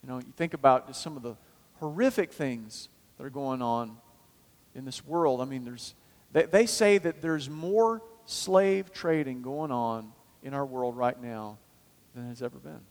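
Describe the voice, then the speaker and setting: A man preaching a sermon as pastor, swinging between loud fervent calls and quiet low asides. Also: a little slow. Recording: hall reverb.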